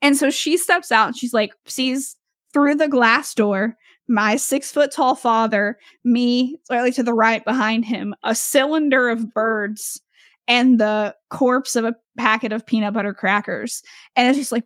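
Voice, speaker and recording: Animated young woman telling a story. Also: on the high side, a little slow, no echo, studio quality. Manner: animated, laughing, filler-heavy storytelling. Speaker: podcast host. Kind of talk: casual storytelling chat.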